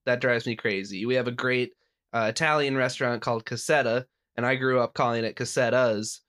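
A man's voice: mid-range voice, brisk. A young man from the American Midwest, co-hosting a podcast in casual chat and laughing often. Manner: laughs often, relaxed and chatty. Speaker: podcast co-host.

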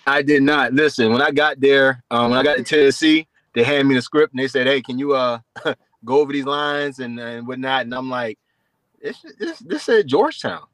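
A man's voice: mid-range voice, moderate pace, a bit bright, dry recording. A man appearing as an actor guest on a podcast, talking in an easygoing, slangy way with frequent chuckles. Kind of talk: casual interview chat.

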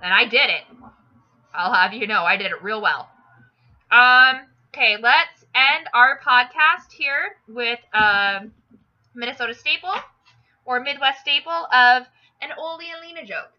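Chatty woman podcast host, animated storyteller; higher voice, dull lo-fi recording. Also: moderate pace. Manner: animated, jokey storyteller with fillers. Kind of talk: casual joke-telling chat.

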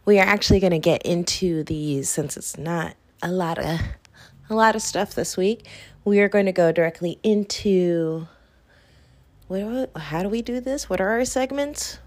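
A woman's voice: on the low side, normal speed, darkish tone, no echo. A woman hosting her own show, chatting casually and rambling with plenty of fillers. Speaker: podcast host. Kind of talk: casual solo chat.

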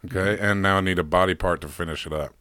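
A man's voice: sits low, steady tone, quick pace, pushed and bright, clear, resonant tone. A man co-hosting a podcast, chatting casually and reading a silly word-game story aloud, laughing at his own readings. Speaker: podcast co-host.

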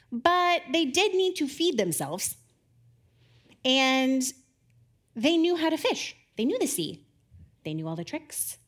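A young woman giving a casual sermon, chatty and self-deprecating, laughing often and acting out the people she quotes. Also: fairly high pitch. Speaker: preacher.

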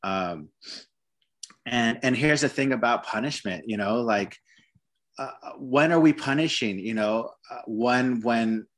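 A man's voice: medium pitch, measured pace, a bit bright. A man talking about dog training in a casual conversation, hesitant, with many restarts and repeated words.

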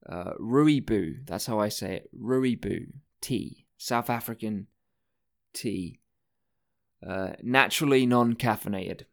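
A man's voice: lowish voice, unhurried, pauses often. Rambling, swearing male podcast host. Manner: rambling, profane, self-interrupting. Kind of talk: casual solo podcast monologue.

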